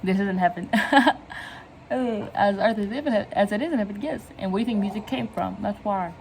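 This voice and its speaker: A woman's voice: mid-range voice, normal speed, gravelly, darkish tone, slight background noise, low-quality recording. A young woman chatting casually in a vlog, rambling from one tangent to the next in slangy speech and laughing often, recorded on her phone at home. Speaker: vlogger.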